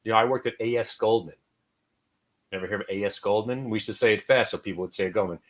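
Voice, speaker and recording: Hosting a live stock trading room, this middle-aged American talks quickly and casually in a fairly low register, his loudness rising and dropping as he goes.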